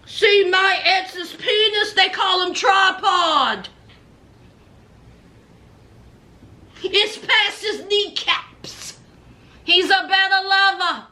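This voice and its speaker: A woman voicing a furious jilted woman yelling accusations at her partner, with repetitive taunting. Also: high voice, big pitch swings, fast, few pauses, distant mic, pitched below the performer's own voice.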